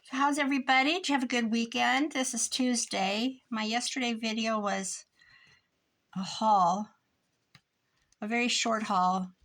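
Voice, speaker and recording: A woman's voice: fairly high pitch, fairly even intonation, unhurried, fairly bright tone, low-quality recording. A middle-aged woman with a Midwestern American accent, chatting casually to her viewers while she crafts in her craft room, rambling and laughing often. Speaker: crafting vlogger.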